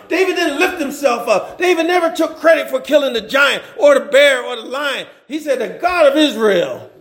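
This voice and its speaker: A man's voice: very high-pitched, lively intonation, normal speed, a bit bright. A man preaching a sermon, repeating words and restarting phrases, with frequent asides checking in with the congregation. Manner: repetitive, stumbling restarts, call-and-response asides to the congregation.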